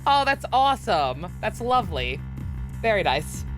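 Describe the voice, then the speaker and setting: Playful woman streamer, lively voice, music behind. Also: medium pitch, a little slow. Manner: playful, swears casually, laughs often. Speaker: streamer playing a game. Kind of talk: casual let's-play chat with voice reading.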